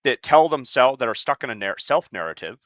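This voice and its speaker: A man talks on a podcast in a blunt, emphatic way and swears freely. His voice is forceful and bright. The sound is dry and a little dull. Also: mid-range voice, very animated, a little fast, dry recording. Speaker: podcast co-host and life coach. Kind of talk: casual podcast talk.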